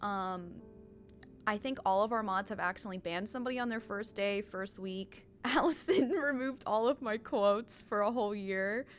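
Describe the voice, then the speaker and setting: A woman's voice: medium pitch, moderate pace, faint music behind. A woman streamer chatting casually on a live stream, bubbly, greeting viewers by name, often laughing and getting emotional.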